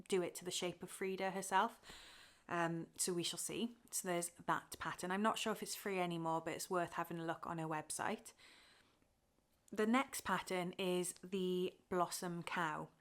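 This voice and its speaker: A woman's voice: on the low side, fairly bright tone. A young woman from Wales chatting casually to camera about her cross-stitch, talking openly and getting emotional, with fillers and laughs.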